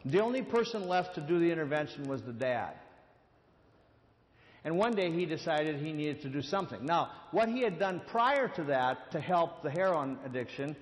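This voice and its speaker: A man with a slightly higher voice gives a conversational sermon and slips into little acted quotes along the way. He often repeats himself as he talks. His voice rings out with a long reverb, the way it would in a church hall. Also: very animated, moderate pace. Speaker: speaker on addiction and grace. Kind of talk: sermon with storytelling.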